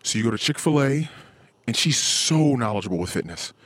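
A man in his thirties hosting a podcast, venting in a frustrated, profane monologue and mimicking others in a high voice. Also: expressive, brisk, no echo. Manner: frustrated, ranting, swears often. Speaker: podcast host.

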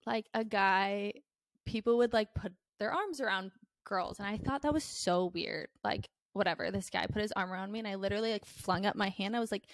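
A woman's voice: medium pitch, fairly quick, dry recording, studio quality. A young woman hosting a podcast, talking in a candid, blunt way with lots of fillers. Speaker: podcast host. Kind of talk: casual chat.

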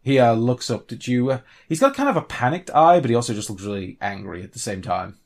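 A man running a tabletop game as game master. He narrates in an easygoing way, pausing with fillers as he goes. His voice sits at an ordinary middle pitch. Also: expressive.

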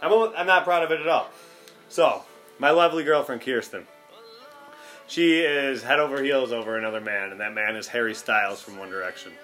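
A man's voice: mid-range voice, brisk, faint music behind. A man co-hosting a podcast, chatting casually in a joking, rambling way. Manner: joking, rambling, bright delivery. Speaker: podcast co-host. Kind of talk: casual chat.

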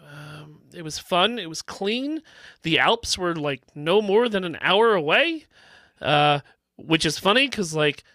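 A man rambling on in a casual podcast chat, animated, with crude jokes. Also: high-pitched, unhurried, no echo, clean studio sound. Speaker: podcast co-host.

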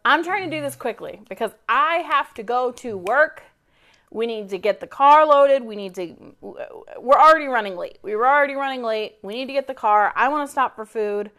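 Exasperated and animated, a female podcast co-host vents through a story in casual conversation, cursing freely and performing the dialogue she quotes. Her voice is on the high side, at a moderate pace.

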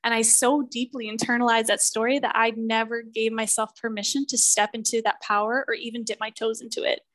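A woman's voice: a little high, little pitch movement, fairly quick, a bit bright, dry recording, poor audio. A woman in her thirties, a relationship coach speaking as a podcast guest, talking earnestly and with emphasis, and acting out the voices she quotes. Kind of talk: podcast interview conversation.

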